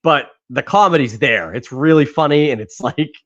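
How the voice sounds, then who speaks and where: Casual New podcast host, talkative, a bit higher-pitched, lo-fi recording. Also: male voice, moderate pace. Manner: rambling, laughs often, swears casually. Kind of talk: casual chat. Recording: dull lo-fi sound.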